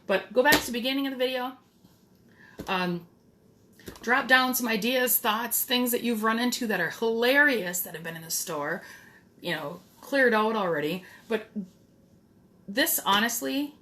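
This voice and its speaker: A middle-aged woman chats straight to her viewers in a homemade DIY vlog. She is blunt and rambling, with a medium-pitched voice. A faint hiss of noise sits under her speech. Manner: chatty and blunt, with mild swearing. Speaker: DIY vlogger. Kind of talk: casual direct-to-camera DIY talk.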